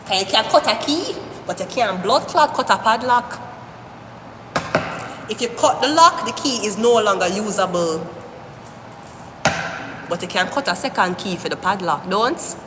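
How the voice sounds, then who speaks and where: A woman giving a live-stream tarot reading, talking straight to the viewer in an animated, rambling way, often cursing. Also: mid-range voice, measured pace, long pauses. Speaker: tarot reader. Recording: echoey room with long reverb, faint hiss.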